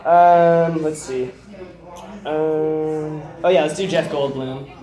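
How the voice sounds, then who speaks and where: Chatty stand-up comic in a roomy club. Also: male voice, on the high side, steady tone, slow, warm tone. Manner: chatty, laughing at his own jokes. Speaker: stand-up comedian. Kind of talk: stand-up set. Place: comedy club stage.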